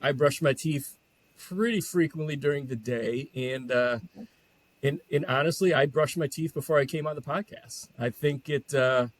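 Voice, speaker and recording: Man in his forties, podcast guest, hesitant and self-deprecating, slightly high voice, dry close sound. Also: moderate pace, no echo. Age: 40s. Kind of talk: casual interview chat.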